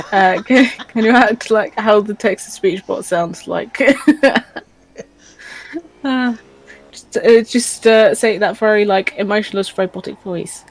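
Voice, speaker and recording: A woman reads out chat messages on a casual live stream and giggles often. She speaks slowly and hesitantly, with many ums, and her pitch sits in the middle. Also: poor audio. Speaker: stream co-host reading chat.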